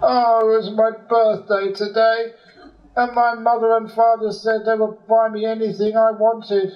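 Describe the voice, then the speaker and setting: A man's voice: a little high, lively intonation, normal speed, lo-fi sound, close to an everyday voice. A man voicing a young male actor who whines and sobs like a sad boy, recorded in a roomy hall from a distance. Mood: whiny. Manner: whining, sobbing.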